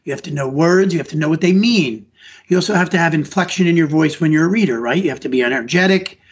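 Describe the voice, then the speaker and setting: A man's voice: on the high side, quick pace, breathy edge. A middle-aged man, an elementary school teacher, answering podcast interview questions in an earnest, rambling way, often restarting his sentences. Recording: dull lo-fi audio.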